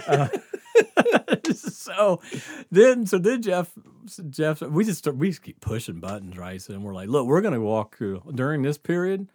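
A man's voice: on the low side, breathy edge, dry recording. A man casually telling a profane story, laughing and acting out the voices of the people in it. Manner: animated, laughing, acts out others' lines.

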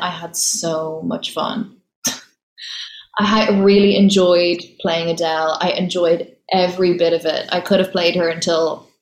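Chatty actress in echoey room. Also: female voice, lowish voice. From Ireland. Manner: chatty, laughs easily, fast storytelling. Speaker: actress, interview guest. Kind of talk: casual interview chat.

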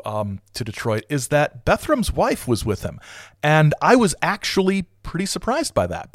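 A man's voice: medium pitch, no echo, clean studio sound. A man hosting a podcast, talking casually in a rambling, digressive way, restarting sentences and breaking into amused asides. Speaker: podcast host. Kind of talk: casual commentary with read-aloud passages.

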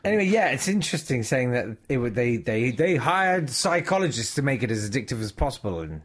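A man's voice: medium pitch, very animated, brisk. A man co-hosting a casual gaming chat, hesitant with fillers and fond of dry jokes. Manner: joking, hesitant, teasing. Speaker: gaming show co-host.

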